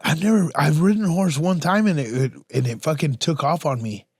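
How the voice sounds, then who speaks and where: A young man tells stories in a casual podcast chat, slang-heavy and animated, acting out the voices he quotes. His voice sits a bit high for a man. The sound is close and dry, with no room around it. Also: fairly quick, husky, dry recording. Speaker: podcast host.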